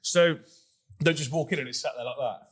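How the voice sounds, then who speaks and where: A man's voice: a little high, a little fast, slightly rough. A young man co-hosting a podcast, rambling through crude, sweary stories and laughing often. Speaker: podcast co-host. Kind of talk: crude casual banter.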